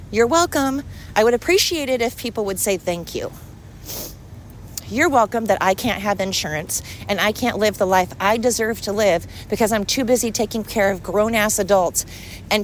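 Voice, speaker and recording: A woman hosts a solo podcast, delivering an angry rant that is heated, profane, blunt and scolding. Her voice is medium-pitched, with a little hiss or hum in the recording.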